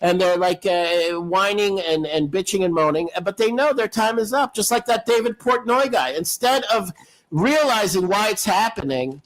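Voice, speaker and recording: A man with a high-set voice hosts a live-streamed talk show and argues hard with his callers. He preaches with insistence, stumbling through restarts and fillers as he pushes his point. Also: animated, moderate pace, fairly bright tone, poor audio. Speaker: host. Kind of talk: heated live-stream debate.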